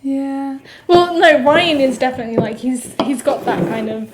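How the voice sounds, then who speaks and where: High-voiced young woman chatting on a podcast. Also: normal speed, background noise. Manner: chatty, trails off mid-sentence. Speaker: podcast co-host. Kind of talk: casual chat.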